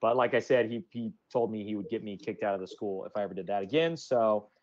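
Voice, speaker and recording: A man's voice: fairly low pitch, quick pace, a little mellow, highs cut off. A young man, a student, chatting casually with his teacher and filling his talk with "like" and "man.". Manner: chatty, heavy use of fillers like "like" and "man". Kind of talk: casual chat.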